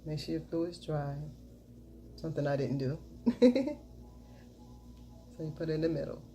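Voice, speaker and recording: A woman's voice: low-pitched, expressive, moderate pace, warm tone, soft background music. A middle-aged woman chatting casually through a makeup tutorial, repeating her catchphrases and cheering herself on. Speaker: makeup vlogger.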